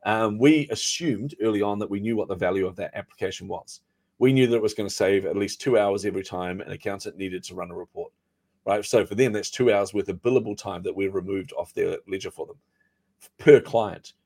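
A man being interviewed as a startup founder, telling stories in a lively way and acting out the people he quotes. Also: lowish voice, a little fast. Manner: animated storyteller, acts out quoted dialogue. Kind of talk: casual interview storytelling.

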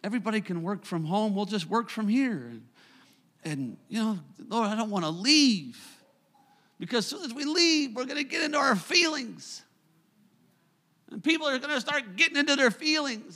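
A middle-aged male pastor preaching a sermon in a church, swinging from loud declarations to hushed asides. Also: very high voice, animated, moderate pace. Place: church sanctuary. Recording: live church recording with long hall reverb.

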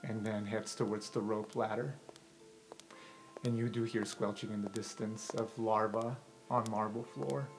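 A man's voice: fairly low pitch, measured pace, poor audio. Male game master narrating over music. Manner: lively, shifting from hushed description to excited outbursts. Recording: background music under the voice.

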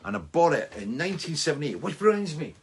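A man's voice: a little high, big pitch swings, quick pace, a little hiss or hum. A Scottish man in his sixties, a musician hosting a fan Q&A show, chatting casually and rambling with lots of asides. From Scotland. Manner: loose and chatty, full of fillers and asides.

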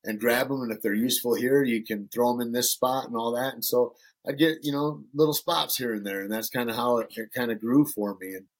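A husky-voiced, middle-aged man from Northern Michigan spins casual stories as a podcast guest. His pitch sits in the middle range, and he swears freely and acts out the people he quotes. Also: fairly even intonation, fairly quick, few pauses. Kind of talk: casual storytelling.

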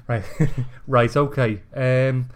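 A man's voice: medium pitch, steady tone, drawn-out words. A man co-hosting a casual podcast, talking hesitantly with many ums and restarts and poking fun at himself. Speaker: podcast co-host. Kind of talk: casual chat.

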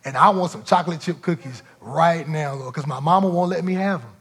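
A man's voice: a little high, brisk, breathy edge. A man voicing a pleading little boy in a grocery cart who keeps repeating his request. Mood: praying boldly. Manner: begging, repeating himself.

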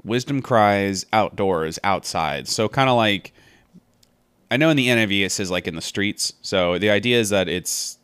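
A man with a deep, resonant voice walks through scripture in a loose, meandering commentary. He sounds earnest and reflective and works his ideas out as he goes. The sound is close and dry. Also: moderate pace, fairly bright tone, clear, resonant tone, dry recording. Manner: thinking aloud, meandering and earnest. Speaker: Bible study podcaster. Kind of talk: casual spoken Bible commentary.

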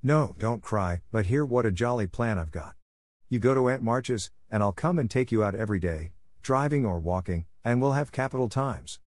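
A man's voice: lowish voice, a little fast, a little mellow, no room sound, close to an everyday voice. A man voicing a cheerful teenage boy who talks in a coaxing, wheedling way in a storybook reading.

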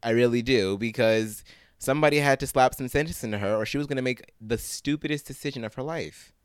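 A man co-hosting a podcast in casual chat, ranting with exasperated, animated swings. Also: medium pitch, brisk, clear, resonant tone, no room sound, clean studio sound. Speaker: podcast co-host.

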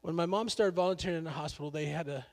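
A man's voice: fairly high pitch, very fast, big-room sound. A male pastor preaching a sermon in a conversational, joking way, laughing often.

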